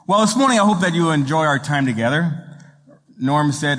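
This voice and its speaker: A man preaching a sermon as a guest pastor, telling jokes and stories with halting restarts. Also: on the high side, expressive, a bit bright, in a large hall. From raised in an Italian home. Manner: joking storyteller, halting restarts. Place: church sanctuary.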